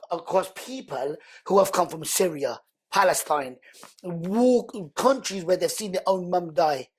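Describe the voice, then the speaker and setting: A man, a podcast guest telling personal stories in an animated way and acting out what other people said. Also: high-pitched, husky. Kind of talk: emotional storytelling in conversation.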